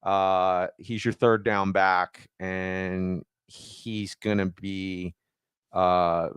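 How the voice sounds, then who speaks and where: A man's voice: low voice, level tone, extremely slow, a bit bright, clean tone, no echo. A man co-hosting a podcast in casual chat, stammering through restarts as he thinks aloud. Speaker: podcast co-host.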